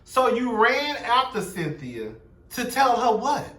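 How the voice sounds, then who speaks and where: A man's voice: extremely high pitch, big pitch swings, takes it slowly, bright, forceful tone, echoey room, far from the mic. A young man giving a sassy, blunt, profane recap of a reality TV episode, gossiping and quoting the cast. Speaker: show recap commentator.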